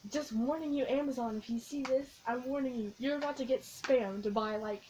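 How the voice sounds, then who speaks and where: A young woman vlogging, telling a long, excitable story in a casual, rambling way with lots of giggles. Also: high voice, moderate pace, rough recording. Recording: faint background noise.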